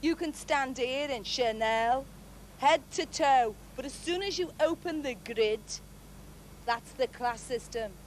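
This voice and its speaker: A woman's voice: high voice, slow, a little hiss or hum. A woman with a Liverpool accent speaking bluntly and earthily in an interview. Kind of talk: opinionated interview talk.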